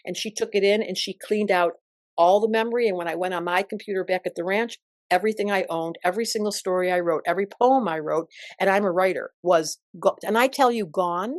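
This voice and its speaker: An older woman, an astrologer guest in an interview, telling stories in an emphatic, expressive way. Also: medium pitch, a little fast, dry recording, clean studio sound. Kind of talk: interview conversation.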